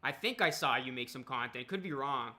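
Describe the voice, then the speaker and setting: A man's voice: medium pitch, animated, fairly quick, bright, forceful tone. A man hosting a fan live stream, calling the plays of a basketball game and chatting upbeat with viewers, greeting them by name. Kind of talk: live-stream play-by-play and chat shout-outs.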